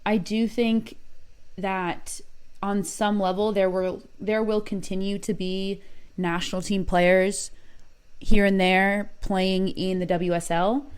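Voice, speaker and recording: A woman's voice: medium pitch, little pitch movement, slow pace, smooth. A woman co-hosting a podcast, giving casual football chat in an upbeat, enthusiastic way. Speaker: podcast co-host.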